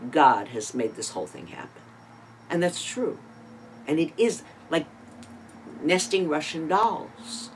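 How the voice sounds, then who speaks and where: A Torah teacher retelling a scripture story in a sermon, building drama with sudden swings in loudness and emphasis, and adding asides and rhetorical questions. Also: mid-range voice, big pitch swings, a little slow, a little hiss or hum, rough recording.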